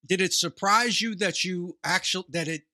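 Podcast cohost guy, bright and bouncy, lots of yeahs and rights, dry close sound. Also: high-pitched, moderate pace, no room sound. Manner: engaged listener, frequent short backchannels, thoughtful questions. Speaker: podcast co-host. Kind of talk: casual interview chat.

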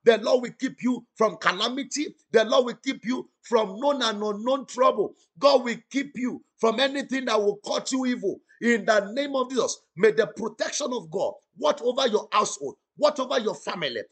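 A man's voice: very high voice, lively intonation, normal speed, few pauses, fairly bright tone, slightly rough. A male pastor praying fervently, repeating declarations and breaking into tongues during an online broadcast. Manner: fervent, repetitive, chanting, speaks in tongues; commanding calls for audience response. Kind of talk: prophetic prayer on an online broadcast.

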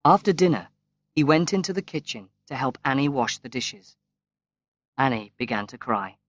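A man reading a novel aloud as an audiobook narrator, in a slow, measured way. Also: medium pitch, animated, fairly bright tone, no echo. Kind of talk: scripted narration. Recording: dull, lo-fi, dry recording.

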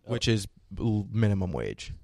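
A man's voice: lowish voice, very animated, a little slow, gravelly, mellow. A man cohosting a podcast, chatting casually and making wry, self-deprecating jokes.

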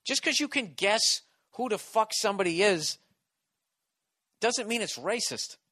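A podcast host with an East Coast American accent rants through a solo comedy show, profane, sarcastic and rambling. His high-pitched voice has a sharp tone and lively intonation, and he speaks a little slowly.

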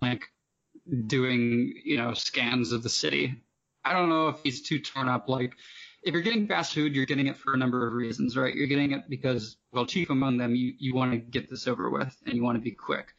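A man joins a podcast as a guest and talks at length, drifting from point to point. His voice has a gravelly, creaky edge. The sound is muffled and lo-fi. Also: medium pitch, fairly quick, fairly bright tone. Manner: talkative, digressive. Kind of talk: casual podcast chat. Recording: dull lo-fi sound.

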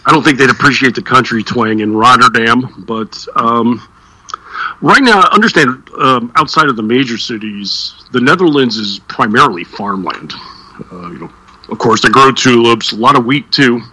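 A man with a bright, forward voice and a husky edge, talking in loose, sarcastic rants. The sound is dry and close, with no room around it. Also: medium pitch, normal speed, dry recording, poor audio. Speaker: podcast co-host. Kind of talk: casual chat.

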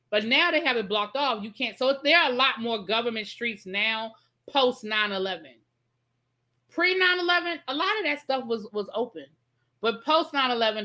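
Bright-voiced woman hosting a chatty live stream. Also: high voice. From Washington, D.C. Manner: chatty, explains patiently, reads out viewer comments. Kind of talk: casual live-stream chat.

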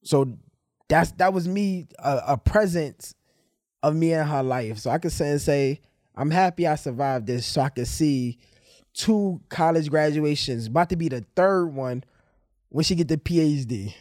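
A young man hosts a podcast, telling stories with lively acted-out dialogue. His voice sits a little high for a man, recorded close and dry with no room around it. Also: normal speed, no echo. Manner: animated storyteller, acts out dialogue. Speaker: podcast host. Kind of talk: casual storytelling chat.

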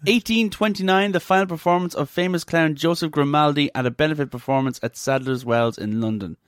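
A man's voice: a little high, fairly quick, no room sound, studio quality. A man, co-hosting a podcast in casual banter, reading out dates and swearing often as he acts out quotes. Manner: swears a lot, acts out quotes in put-on voices. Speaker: podcast co-host.

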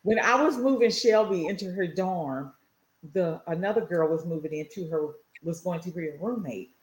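A woman in her forties tells stories in casual chat and acts out the quotes, her pitch swooping widely. The recording is echoey, with a roomy sound. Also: expressive, normal speed. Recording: echoey room.

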